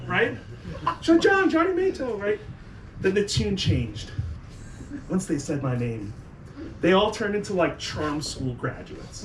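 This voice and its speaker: A man doing a stand-up comedy set, telling a profane, animated story and acting out the people in it. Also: extremely high pitch. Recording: echoey room, far from the mic, noisy.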